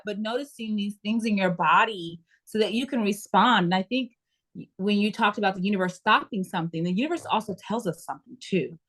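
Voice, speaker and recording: Animated woman telling self-care stories. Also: medium pitch, brisk. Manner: animated storyteller, acts out her own inner dialogue. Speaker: interview guest. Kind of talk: casual conversational interview.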